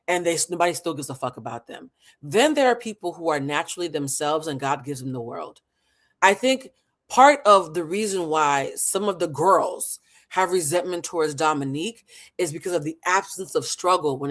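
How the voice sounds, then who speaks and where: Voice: medium pitch, a bit bright. Impassioned livestream host, emphatic. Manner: emphatic, impassioned, calls listeners honey and baby. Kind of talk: live commentary talk show.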